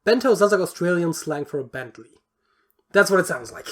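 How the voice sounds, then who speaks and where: Talking loosely on a podcast, this co-host mutters through guesses and thinks out loud, dropping fillers and offhand swears. The pitch is ordinary middle, the delivery expressive and brisk.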